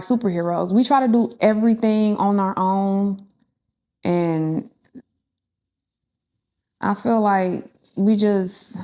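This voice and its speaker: Candid woman thinking out loud. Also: mid-range voice. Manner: candid, thinks aloud with restarts and fillers. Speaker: podcast guest. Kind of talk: casual conversation.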